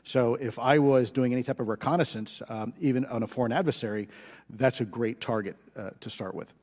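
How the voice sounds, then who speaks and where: A man's voice: mid-range voice, fairly quick, darkish tone, in a large hall. A man testifying as an expert witness at a hearing, confident and deferential. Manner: confident, deferential, says sir.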